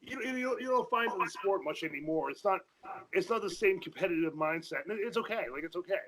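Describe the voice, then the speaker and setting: A former powerlifter guesting on a podcast, talking in a casual, profane rush full of restarts. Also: male voice, high voice, lively intonation, crowd noise, low-quality recording. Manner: fast, profane, repeats himself in restarts. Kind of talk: casual chat.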